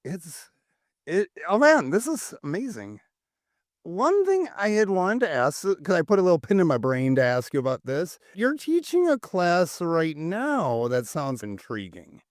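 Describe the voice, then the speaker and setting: Enthusiastic male podcast host, rambly, high lively pitch, dry booth sound. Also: a little slow, no room sound. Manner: enthusiastic, rambling, filler-heavy. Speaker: podcast host, music booker. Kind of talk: podcast interview conversation.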